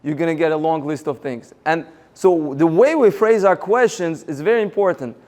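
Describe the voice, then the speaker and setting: A man giving a motivational seminar talk, energetic and rallying the audience with questions. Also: fairly high pitch, moderate pace. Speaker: seminar speaker.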